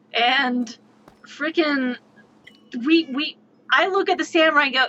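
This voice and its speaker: A female streamer recounts a tabletop game story, animated and exasperated, cursing freely. Her high voice moves unhurriedly with frequent pauses, over dull lo-fi stream audio with slight background noise.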